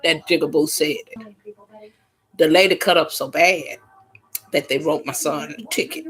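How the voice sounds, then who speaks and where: With a deep voice on a rough recording, a middle-aged woman spins a story for her live stream audience in a relaxed chat. She's lively, stretching her words in a Southern drawl and exclaiming as the tale unfolds.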